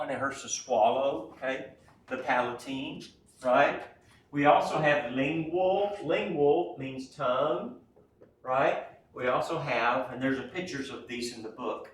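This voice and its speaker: Heard from a distance in an echoey room with slight background noise, an anatomy instructor gives a folksy class lecture. He keeps checking in with students via "right?" and "okay?", his voice medium in pitch and fairly bright.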